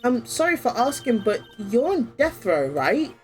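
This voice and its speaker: A woman's voice: on the high side, very animated, unhurried, soft background music, pitched above the performer's own voice. A woman voicing a nervous young female rookie lawyer, talking hesitantly. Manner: hesitant, anxious.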